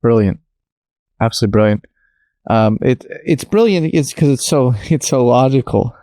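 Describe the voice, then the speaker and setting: A man's voice: mid-range voice, animated, moderate pace, warm tone, no echo. A man hosting a podcast interview, enthusiastic and a little hesitant as he forms his questions. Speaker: podcast host.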